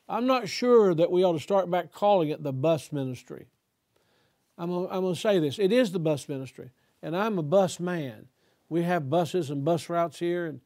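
An older male pastor preaching with emphatic force and a preacher's rise and fall. His voice sits a little higher than most men's, and he circles back over his phrases before pressing on. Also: a little mellow. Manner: emphatic, repetitive restarts, preacherly cadence. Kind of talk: sermon.

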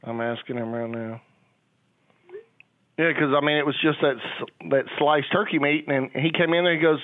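A man's voice: a little high, fairly even intonation, moderate pace, no echo. An older man on a phone call, a father who talks in a rambling, hesitant way with many fillers. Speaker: caller, a father. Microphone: telephone. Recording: tinny phone line.

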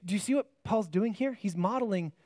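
Male preacher, higher register, earnest sermon delivery with frequent restarts and questions to the listeners, dry sound. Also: brisk, darkish tone, no room sound. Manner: earnest, repeats words as he restarts phrases; asks the listeners rhetorical questions.

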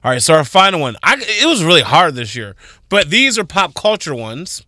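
A man co-hosting a morning radio show, reading out record trivia with quick casual asides in the studio. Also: on the high side, very animated, sharp tone, no echo. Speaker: radio co-host. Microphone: studio microphone.

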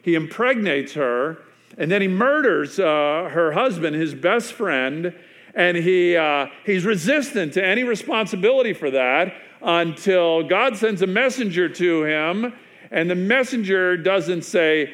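A man, a pastor preaching a sermon in a loose, conversational storytelling way, full of fillers and restarts, often dropping to a hushed voice to drive a point home. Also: high-pitched, lively intonation, a little slow. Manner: drops to a hushed, quieter voice for emphasis.

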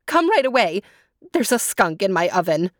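A woman's voice: a little high, moderate pace, dry recording, clean studio sound, pitched above the performer's own voice. Woman playing a fussy, indignant old farm woman. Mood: alarmed. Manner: excited, exclamatory calls.

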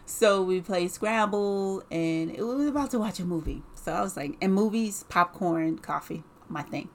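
A woman casually telling a personal story in an animated way, full of "like" and laughs. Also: mid-range voice, normal speed.

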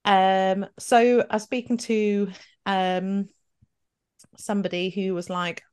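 A woman's voice: medium pitch, flat delivery, takes it slowly, a little mellow, smooth. Chatty, giggly woman. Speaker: podcast co-host. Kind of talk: casual chat.

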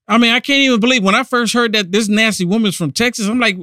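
High, bright-voiced indignant male host. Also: fast talker, hardly any pauses, dry recording, studio quality. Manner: indignant, emphatic commentary. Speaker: podcast host. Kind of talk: political commentary podcast.

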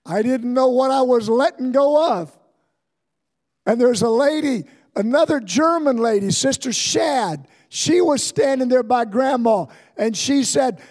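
An older man preaching a sermon as pastor, telling stories and building to fervent shouts. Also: extremely high pitch, slow pace. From Ohio, USA. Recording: long hall reverb.

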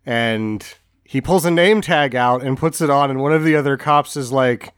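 A man co-hosting a movie podcast, telling a scene with excited, laughing energy. His voice sits in a middle register and is recorded dry and close. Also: medium pitch, normal speed, smooth, no echo. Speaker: podcast co-host. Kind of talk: casual movie recap chat.

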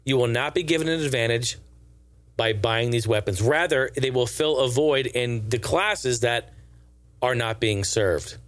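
A man's voice: medium pitch, unhurried, dry recording. A man giving casual, profane and sarcastic gaming news commentary in a rambling way.

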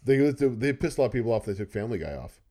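Young male co-host, casual and rambling, filler-heavy, mid-pitched. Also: animated, very fast, dark tone. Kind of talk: casual chat.

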